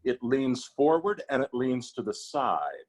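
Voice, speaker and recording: A man on an online panel, a stage performer, telling a backstage anecdote in a measured, explanatory way. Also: mid-range voice, sing-song. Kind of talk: casual anecdote.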